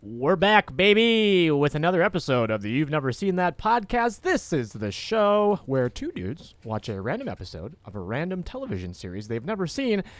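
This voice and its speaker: A playful man co-hosts a podcast in loose, joking banter. His voice sits a little high and swings widely in pitch. The sound is dry and close. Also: moderate pace, few pauses, no echo. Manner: playful, lively, laughs often. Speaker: podcast co-host.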